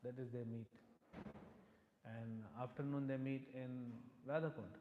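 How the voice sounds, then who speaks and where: A man's voice: medium pitch, little pitch movement, a little slow, phone-quality sound. A man giving a devotional lecture, telling stories and checking in with his listeners through frequent tag questions. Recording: echoey temple hall with long reverb.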